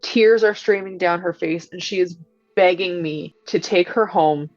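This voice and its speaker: A woman with a fairly low voice tells her own story in earnest, animated first-person detail. She sounds close and dry on the mic. The audio is a bit dull and lo-fi, with faint music underneath. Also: measured pace, no room sound. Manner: earnest, animated retelling with quoted dialogue. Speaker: doula recounting her experience.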